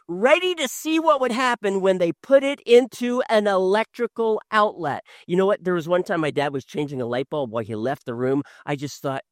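A man, a father in his thirties, preaching a sermon, swinging from loud emphasis to hushed tones. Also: on the high side, no room sound, clean studio sound. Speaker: pastor.

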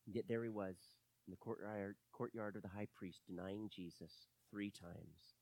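A man preaching a sermon, telling stories animatedly and swinging between loud bursts and hushed moments. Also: fairly low pitch, fairly even intonation, normal speed, no room sound.

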